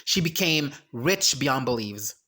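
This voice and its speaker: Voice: medium pitch, lively intonation, measured pace, pushed and bright. A reaction video host in casual commentary, ranting and swearing, breaking into laughs and restarting sentences. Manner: ranting, profane and heated; laughs and trails off mid-sentence.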